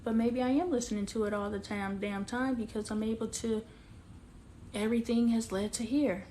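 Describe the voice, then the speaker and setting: A woman's voice: fairly high pitch, fairly even intonation, normal speed, dark tone, slight background noise. Candid woman host on a phone live stream. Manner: emotional, confiding, talks straight to viewers; reads and answers viewer comments aloud.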